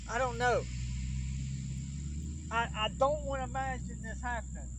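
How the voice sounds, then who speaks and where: High-voiced Alabama man rambling outdoors. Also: a bit bright, low-quality recording. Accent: Southern US, Alabama. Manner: rambling and fretful, with restarts. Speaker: backyard wrestling show host. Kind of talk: casual rambling vlog talk.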